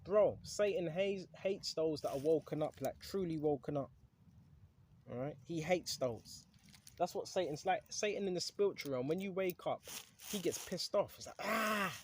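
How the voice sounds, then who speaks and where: A man's voice: a little high, moderate pace, darkish tone, slight background noise. A man teaching from the Bible in a casual, conversational way, reading scripture aloud and often checking in with "right?". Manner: conversational, keeps asking "right?"; reads scripture aloud between comments. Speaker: preacher.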